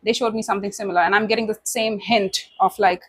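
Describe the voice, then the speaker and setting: A woman's voice: mid-range voice, fairly even intonation, quick pace, husky. A woman giving a tarot reading straight to the listener, speaking in an emotive way with many asides. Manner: warm, emotive, speaks directly to the listener with many "you know"s. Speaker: tarot reader. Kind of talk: casual tarot reading to camera.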